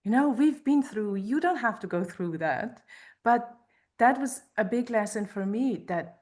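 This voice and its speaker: A woman's voice: on the high side, animated, measured pace, a little mellow. A middle-aged woman hosting a podcast, reflecting in a thoughtful, earnest, spiritual way. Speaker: podcast host. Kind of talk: reflective casual chat.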